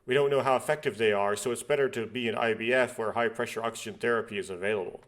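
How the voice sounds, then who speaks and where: A young man working through a visual novel, reading its lines aloud in a steady middle voice. He keeps stopping for rambling, nitpicking asides that carry a dry sarcastic edge. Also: medium pitch, quick pace. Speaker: let's play host. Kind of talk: reading a game's text aloud with commentary.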